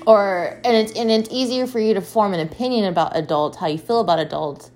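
A woman in her twenties from the American Southwest, hosting a solo podcast and telling stories in an animated, chatty way, full of "like" and restarts. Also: mid-range voice, fairly quick, faint music behind. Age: 20s. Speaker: podcast host. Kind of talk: casual solo podcast monologue.

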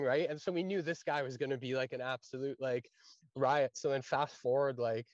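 A man in his thirties, an infantry private, telling stories from training in a casual, animated way, acting out quotes and swearing freely. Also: a little high, normal speed, no room sound, lo-fi sound. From Canada. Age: 30s. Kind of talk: casual storytelling chat.

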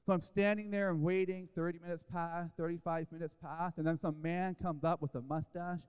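Joking preacher with high smooth voice. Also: male voice, flat delivery, a little fast, a little mellow. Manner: humorous, conversational, self-deprecating. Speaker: guest preacher. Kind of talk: storytelling sermon. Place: church sanctuary. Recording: echoey church hall.

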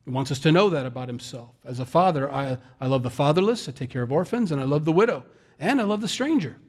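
A man's voice: fairly high pitch, lively intonation, quick pace. A man preaching a sermon in a conversational, folksy way, with self-deprecating asides. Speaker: pastor.

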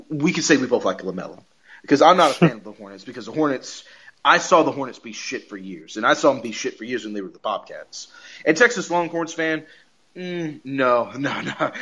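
A man's voice: on the high side, a bit bright. A young man hosting a casual sports podcast, rambling with stuttered restarts and laughing at his own jokes. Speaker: podcast host. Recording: lo-fi podcast audio.

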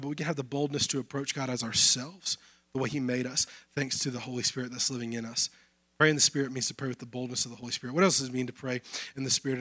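A pastor preaches a sermon in a casual, conversational way, calling his listeners "y'all," even though he's losing his voice. His voice is a little high with a fairly bright tone and no echo.

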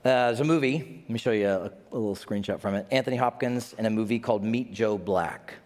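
A male pastor preaching a sermon in a conversational, animated way with casual asides. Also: on the low side, a little fast. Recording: echoey hall reverb.

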